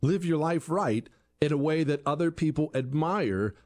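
Guy doing a talk monologue, pitch all over the place, keeps restarting words. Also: normal speed. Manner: animated, rhetorical questions, acts out quoted voices; repeats words when restarting. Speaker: commentary show host. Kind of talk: opinion monologue.

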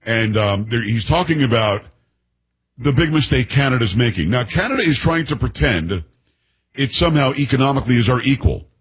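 A man's voice: medium pitch, expressive, brisk, fairly bright tone, breathy edge, poor audio. A man from the United States hosting a talk show, giving casual political commentary in a chatty way, with restarts and sarcastic asides.

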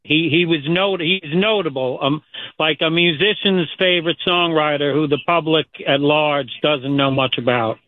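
A man's voice: fairly high pitch, normal speed, dry recording. Chatty male caller on a tinny phone line. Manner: chatty storyteller telling a joke. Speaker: radio caller. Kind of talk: casual call-in chat. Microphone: telephone.

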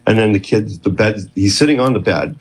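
A man's voice: lowish voice, a little fast, slightly rough, poor audio. A man in his fifties, a guest on an interview show, telling a long story in a rambling, self-interrupting way.

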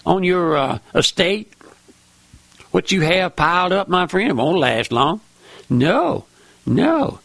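A man's voice: big pitch swings, takes it slowly, gravelly, pauses often, fairly bright tone, no room sound. An older man with a Southern US accent preaching a folksy radio sermon, fervent and repeating his appeals to the listener. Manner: fervent, repeats "my friend", pitch leaps high for emphasis.

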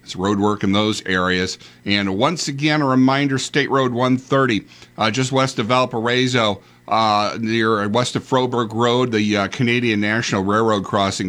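A man reading the traffic on the radio, his voice sitting on the lower side. He runs through routes briskly, filling gaps with little hesitations as he goes. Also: a bit bright. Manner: brisk rundown with frequent "uh" fillers. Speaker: traffic reporter.

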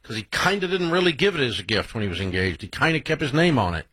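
A man's voice: medium pitch, sing-song, fast talker, a bit bright, breathy edge, dry recording. A man hosting an advice show, blunt and emphatic in casual talk.

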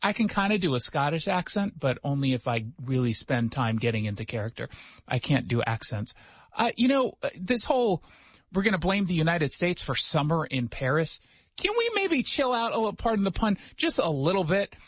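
A man hosting a radio talk show, chatting casually with sarcastic jokes and quick asides. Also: on the high side, sing-song, dry recording. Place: radio studio.

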